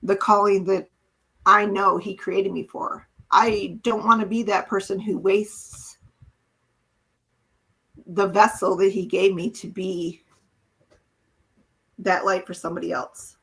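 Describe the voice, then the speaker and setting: A woman's voice: mid-range voice, steady tone, takes it slowly, creaky, pauses often, fairly bright tone, breathy edge, rough recording. A woman guest on a podcast, sharing an earnest, emotional personal testimony and acting out quoted dialogue as she tells it. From small town.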